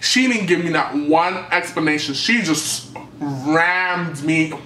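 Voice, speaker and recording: A young man from New City, telling a storytime tale in a lively, animated way and acting out what people said. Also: a little high, slow pace, echoey room, slight background noise. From New York City. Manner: animated storytelling, acting out quotes, jumps to yelps. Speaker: vlogger. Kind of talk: storytime vlog.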